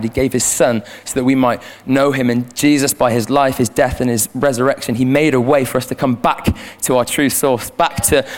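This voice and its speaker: Young guy youth leader preaching at church, earnest and chatty, lots of restarts, handheld mic. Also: mid-range voice. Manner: earnest, conversational with frequent restarts. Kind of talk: sermon. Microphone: handheld microphone.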